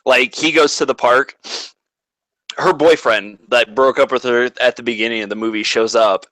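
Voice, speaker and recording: Bright, dry-voiced man recapping casually. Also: medium pitch, steady tone, moderate pace, dry recording, poor audio. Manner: profane, rambling plot recap full of "like". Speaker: podcast co-host. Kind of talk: casual chat.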